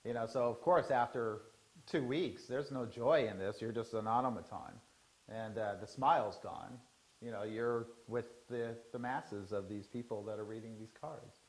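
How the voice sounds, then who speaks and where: A man leading a group energy-healing workshop, teaching in a rambling, animated way and acting out inner voices. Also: medium pitch, moderate pace, low-quality recording. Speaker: workshop leader.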